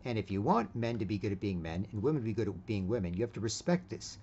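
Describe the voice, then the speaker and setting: A man's voice: fairly low pitch, big pitch swings, fast talker, dark tone, lo-fi sound, slight background noise. A man giving a casual opinion monologue, rambling with many restarts and constantly tagging his sentences with "right?". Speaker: vlogger.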